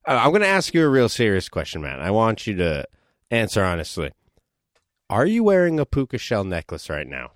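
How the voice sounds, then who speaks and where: A man in casual podcast chat, joking in a deadpan, mock-serious way. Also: lowish voice, brisk, no room sound, clean studio sound. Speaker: podcast co-host.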